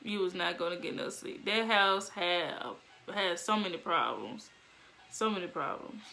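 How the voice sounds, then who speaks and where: A young woman telling a story casually, animated, laughing and acting out the voices of people in it. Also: on the low side, unhurried, gravelly. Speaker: vlogger.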